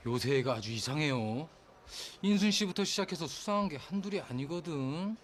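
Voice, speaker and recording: Guy acting as a nosy coworker in a tv drama, needling and rapid-fire. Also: fairly high pitch, animated, close to an everyday voice. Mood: teasing. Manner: prying, needling. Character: nosy teasing male office coworker. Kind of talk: TV drama dialogue.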